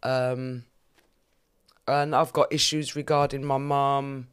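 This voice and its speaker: A woman's voice: rumbling low, little pitch movement, slow, clean tone. A woman comedian talking candidly as a guest in a podcast interview, with a frank, earthy sense of humour.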